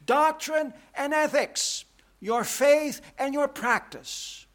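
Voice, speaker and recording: A male pastor preaching a sermon, emphatic and repetitive, leaning hard on key words. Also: slow. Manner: emphatic, repetitive preaching with big swings in pitch and loudness.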